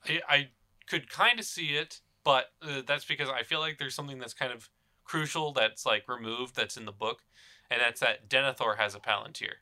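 Very bright man rambling about book lore. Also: mid-range voice, normal speed. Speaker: podcast co-host. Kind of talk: casual movie-discussion chat.

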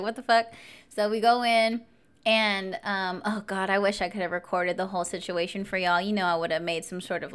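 Chatty young woman with a smooth voice. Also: mid-range voice. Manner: animated, chatty, full of fillers. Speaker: vlogger. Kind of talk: casual storytime vlog.

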